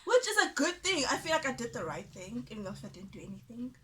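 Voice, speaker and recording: A young woman, co-hosting a casual storytime vlog and chiming in with quick comments. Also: on the high side, sing-song, noisy background. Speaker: vlogger co-host.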